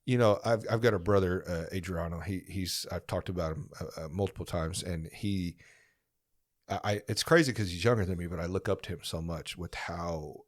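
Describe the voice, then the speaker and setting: A man's voice: low-pitched, normal speed. A young man hosting a podcast, talking earnestly and encouragingly in casual chat with lots of fillers. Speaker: podcast host.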